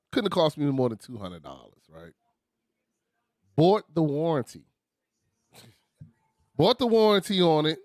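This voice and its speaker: A man tells stories in an animated, slangy way, laughing often. His voice sits slightly high for a man. The recording is dry and close. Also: dry recording. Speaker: podcast co-host. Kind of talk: casual storytelling chat.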